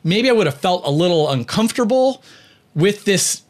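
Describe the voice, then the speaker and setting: A man's voice: high voice, expressive, normal speed. A man talking about leadership and personality in a casual storytelling monologue, with lots of "you know" fillers and light chuckles. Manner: conversational, many "you know" fillers, chuckles while telling.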